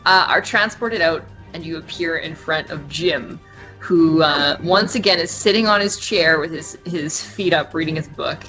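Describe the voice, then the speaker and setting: A woman's voice: sits low, moderate pace, a bit bright, soft background music. A woman narrating as game master of a tabletop game, telling the story with animation and frequent giggles.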